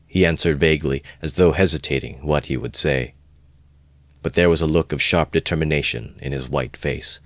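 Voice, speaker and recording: A man narrating a classic novel as an amateur audiobook reading, calm and measured. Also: very deep voice, no echo.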